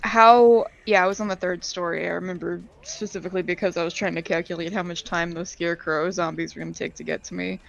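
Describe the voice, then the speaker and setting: A woman's voice: on the low side, steady tone, fast talker, gravelly, few pauses, muffled recording. A woman playing a tabletop game over a video call, hesitant and thinking aloud with many fillers. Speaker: player.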